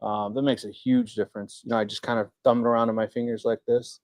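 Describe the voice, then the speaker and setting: In a relaxed livestream Q&A for hobby makers, a middle-aged man co-hosts and chats casually, telling stories and doing the voices of the people he quotes. His medium-pitched voice is recorded close and dry with no room sound, and he talks fast.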